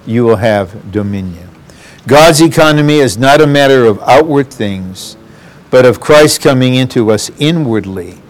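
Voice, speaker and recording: A man's voice: medium pitch, lively intonation, measured pace. A man preaching a sermon, earnest and addressing the congregation directly.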